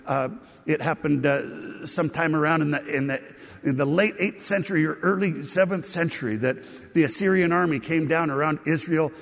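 Gravelly-voiced male preacher in a reverberant hall. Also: a little high. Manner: teaching, conversational with emphatic rises. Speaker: pastor. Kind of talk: sermon.

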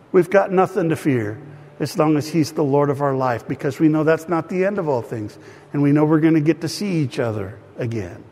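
A man pastor preaches to his congregation and leads them in prayer, in an earnest, direct manner. His voice sits a bit higher than most men's. The sound rings with the long reverb of a church sanctuary. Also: a little mellow. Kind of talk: sermon with prayer.

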